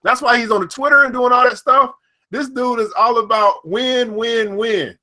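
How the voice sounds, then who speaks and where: A man's voice: very high-pitched, normal speed. A young man, hosting casual news and market commentary, reading headlines and riffing with frequent laughter. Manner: animated, laughs often, reads headlines then riffs. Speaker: financial commentary host.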